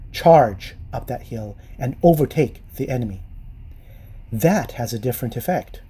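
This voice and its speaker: Husky-voiced man giving dating advice. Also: medium pitch, warm tone. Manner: emphatic, teaching tone. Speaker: dating coach. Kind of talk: instructional voice-over.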